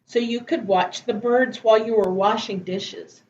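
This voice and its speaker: A woman teacher reading picture books and poems aloud to preschoolers in a slow, gentle, sing-song way. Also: on the high side, fairly even intonation, reverberant, dull audio. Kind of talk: children's storytime reading.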